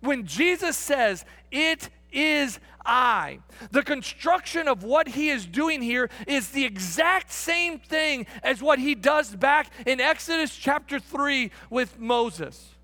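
A man preaching a sermon as pastor, emphatic and repetitive, calling the congregation friends, building to excited shouts and then dropping to a quiet, close tone. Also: extremely high pitch, slow pace, few pauses, no echo, soft background music. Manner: emphatic, repeats phrases, addresses the congregation as friends. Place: church sanctuary.

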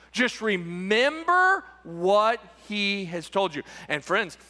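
A man's voice: very high-pitched, sharp tone. A male pastor giving an Easter sermon with emphatic preaching, repeating words and tossing rhetorical asides to the congregation. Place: church sanctuary. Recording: reverberant church sanctuary.

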